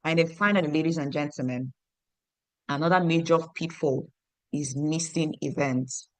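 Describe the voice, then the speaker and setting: A woman's voice: low voice, moderate pace, no echo. A woman with a Nigerian accent, coaching her business team in an online motivational training, emphatic and repeating herself for stress. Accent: Nigerian English. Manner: emphatic, repeats lines for stress, asks the audience questions.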